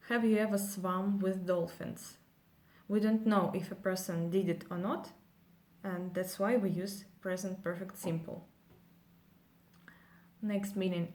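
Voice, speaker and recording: Woman, English teacher, first language Russian, unhurried, halting delivery with fillers. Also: medium pitch, darkish tone. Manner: slow, hesitant, many ums while explaining. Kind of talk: grammar lesson.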